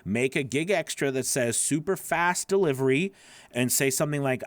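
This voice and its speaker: A man's voice: mid-range voice, animated, normal speed, no echo. A man coaching voice-over freelancers, critiquing their gig pages live in a casual, encouraging way, repeating himself with many fillers, from home.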